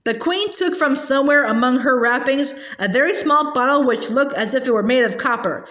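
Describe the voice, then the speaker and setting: A woman reads a storybook aloud in a calm, measured voice that sits high. The recording carries a roomy echo. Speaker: narrator. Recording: echoey room.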